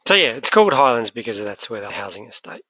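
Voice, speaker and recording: An Australian man co-hosting a podcast in casual, animated chat. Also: medium pitch, fast talker, dry recording. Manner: chatty, animated, laughs easily. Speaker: podcast co-host.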